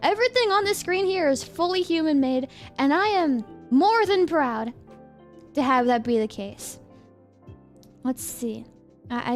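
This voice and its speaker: A young woman streaming as a VTuber, chatting casually and reading viewer comments in a giggly, rambling way. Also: sits high. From United States. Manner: giggly, rambling, quick asides.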